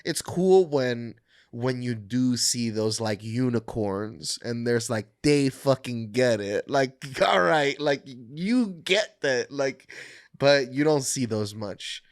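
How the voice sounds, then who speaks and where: A man's voice: mid-range voice, animated, slow, dry recording, clean studio sound. A man co-hosting a podcast, telling stories in casual chat, laughing often and swearing freely. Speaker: podcast co-host.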